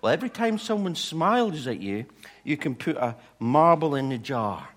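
A man voicing a patient, kindly father in a story he tells, in a gentle voice. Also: fairly high pitch, big pitch swings, moderate pace.

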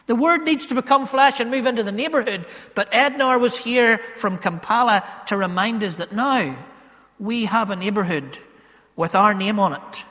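Pastor preaching in a church, highish voice, long echo in the hall. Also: male voice. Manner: swings between loud emphasis and hushed, slow asides. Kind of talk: sermon.

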